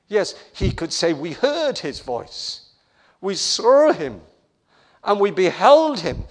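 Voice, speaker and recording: A man preaching a sermon in a slow, deliberate cadence, stacking phrases on top of one another for emphasis. His voice sits a little high for a man, and he often turns to ask the listeners questions. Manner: emphatic, building repetition; asks the listeners direct questions.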